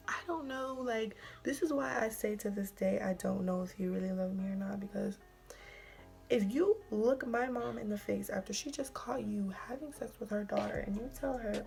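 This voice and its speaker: Chatty young woman with a gravelly voice. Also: mid-range voice, normal speed, darkish tone, faint music behind. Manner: chatty, many "like" fillers, drops to whispers. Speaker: vlogger. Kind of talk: casual storytime.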